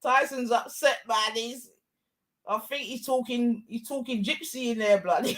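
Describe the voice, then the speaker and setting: Excitable woman shouting fight calls. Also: high-pitched, moderate pace, slight background noise. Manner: excitable, shouting, slang-heavy. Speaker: watch-along streamer. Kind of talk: live fight commentary.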